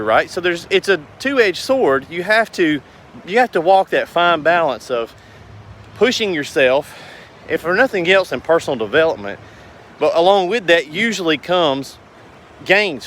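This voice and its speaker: A man's voice: a little high, fairly bright tone, slight background noise. A man, talking casually to his viewers in a rambling, earnest, folksy way. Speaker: business owner vlogger. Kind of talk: casual talk to camera.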